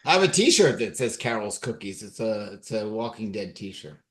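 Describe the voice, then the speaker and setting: A man's voice: on the low side, very animated, moderate pace. A man with a New York accent, co-hosting a casual podcast chat and rambling as he searches for names and words. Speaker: podcast co-host.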